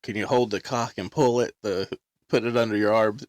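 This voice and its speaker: A man with a fairly low voice hosts a relaxed chat, trailing off and backtracking as he tells an old joke. The sound is dry and close. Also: brisk, dry recording. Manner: rambling, loses his place retelling a joke. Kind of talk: casual chat.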